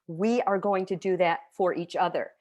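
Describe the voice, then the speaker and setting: A woman teacher giving an online conference talk over a video call, lively and conversational, with frequent check-ins of "right?" and soft laughs. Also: on the low side, normal speed.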